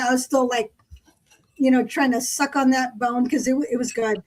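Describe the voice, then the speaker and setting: A woman, co-hosting a podcast in casual chat and telling a story with lively quoted dialogue. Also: sits high, normal speed, rough recording. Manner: chatty storyteller, acts out quoted people. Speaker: podcast co-host.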